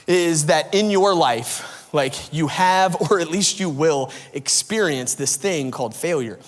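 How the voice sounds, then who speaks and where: Animated young pastor in echoing hall. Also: male voice, fairly high pitch, measured pace. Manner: animated and self-mocking, acts out quotes, laughs often. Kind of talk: storytelling sermon. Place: large church hall. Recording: long hall reverb.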